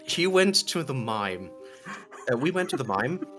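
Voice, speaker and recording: Very animated at a measured pace, a man with a medium-pitched, fairly bright voice casually recaps the previous tabletop game, giggling, rambling, and frequently correcting himself. Soft music sits in the background.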